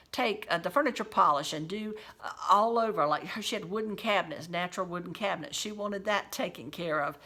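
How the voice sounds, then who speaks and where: Bright-voiced woman telling folksy stories. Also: medium pitch. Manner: chatty, folksy, quotes scripture. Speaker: home caregiver sharing memories. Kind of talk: casual faith-based storytelling.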